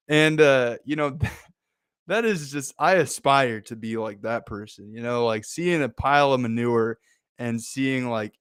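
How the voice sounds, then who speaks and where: A man's voice: mid-range voice, a little slow, a bit bright, clean tone, no room sound, clean studio sound. A man hosting a casual motivational talk, laid-back and chatty, with many fillers. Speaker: host.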